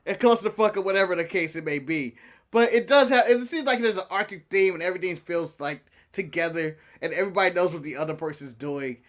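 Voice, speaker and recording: A man's voice: high voice, fairly bright tone. A man co-hosting a casual wrestling recap podcast, joking, swearing and briefly mimicking wrestlers. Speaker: podcast co-host.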